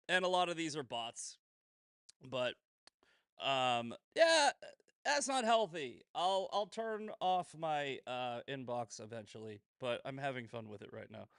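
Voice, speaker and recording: A man's voice: mid-range voice, vocal fry, fairly bright tone, dry recording, clean studio sound. A man hosting a casual commentary show, swearing freely, sarcastic, often breaking into laughter. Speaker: host.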